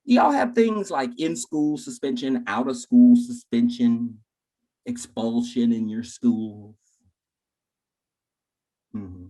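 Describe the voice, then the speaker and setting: A man delivers a keynote to teachers in a medium-pitched, dark-toned voice, speaking slowly with long pauses. He tells stories dramatically, acting out voices and speaking straight to the audience in an animated way.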